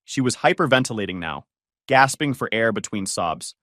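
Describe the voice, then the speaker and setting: A man's voice: fairly low pitch, normal speed, dry recording, clean studio sound. Man coldly narrating his own story. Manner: flat, cold, detached. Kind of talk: first-person story narration.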